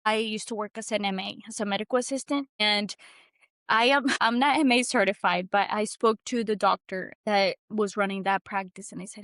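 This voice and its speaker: A young Mexican woman appears as a guest, telling her story in an earnest, animated, casual way full of restarts and "like." Her medium-pitched voice runs a little fast, recorded with clean studio sound and no room sound.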